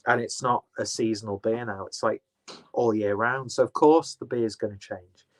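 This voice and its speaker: A man's voice: on the low side, fairly even intonation, normal speed. A man chatting casually through an unboxing, rambling, swearing and correcting himself as he goes. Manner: rambling, profane, self-correcting. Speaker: beer reviewer.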